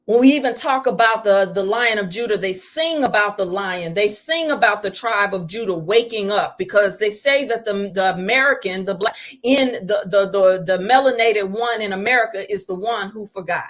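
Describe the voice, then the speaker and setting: A woman's voice: medium pitch, normal speed, a bit bright. A middle-aged woman teaching on spirituality in a live stream, preacherly and full of rhetorical questions.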